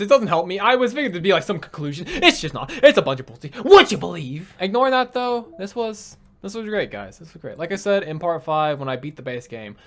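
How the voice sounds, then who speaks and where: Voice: mid-range voice, fairly bright tone. A young adult gaming video creator giving emotional let's play commentary, swearing a lot.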